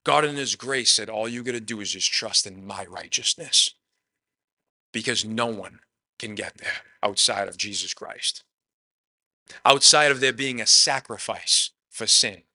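A man's voice: medium pitch, sharp tone, no echo. A man preaching a sermon in a conversational way, acting out the quotes as he tells the story. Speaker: pastor.

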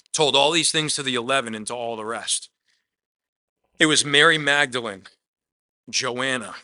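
A man preaching a conversational sermon, swinging between emphatic loud lines and quiet asides, often dropping "man" into his talk. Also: medium pitch. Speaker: pastor.

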